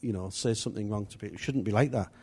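Speaking very fast in a lowish, creaky, slightly rough voice that is still mellow and warm, a male church leader guides his group. His teaching is loose and conversational, and his instructions wander with asides and restarts.

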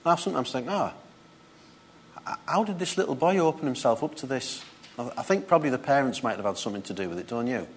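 A man's voice: medium pitch, animated, fast, a little hiss or hum. A man giving an informal Bible teaching, reading scripture aloud and breaking off into conversational asides. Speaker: preacher.

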